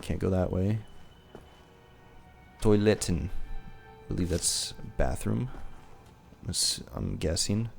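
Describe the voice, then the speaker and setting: A man's voice: low-pitched, slow pace, gravelly, pauses often, soft background music. Chatty man narrating his gameplay. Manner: chatty, reads game text aloud, laughs at himself. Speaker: gaming video host. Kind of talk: casual gameplay commentary.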